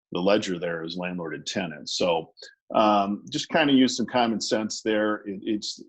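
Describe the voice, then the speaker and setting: A man's voice: deep voice, breathy edge, poor audio. A man who works as a business lawyer, presenting a webinar in a conversational way with many fillers and restarts.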